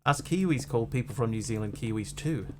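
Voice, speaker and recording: An Australian-raised man with an Australian accent chats casually on a live game stream, reading chat and trivia and tossing in playful puns. His mid-range voice is lively and fairly quick, with slight background noise.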